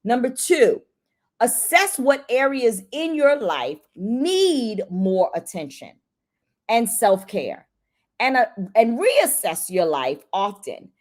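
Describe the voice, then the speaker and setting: A woman's voice: fairly high pitch, very animated, slow pace, darkish tone. A woman giving a casual motivational talk on self-care to caretakers. She is chatty and emphatic, asks rhetorical questions and repeats words for emphasis.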